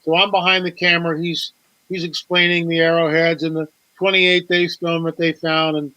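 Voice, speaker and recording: A man's voice: a little high, little pitch movement, normal speed, bright, forceful tone, no room sound, poor audio. A man, a guest author on a talk show, telling a story with animation, repeating words and acting out quoted dialogue.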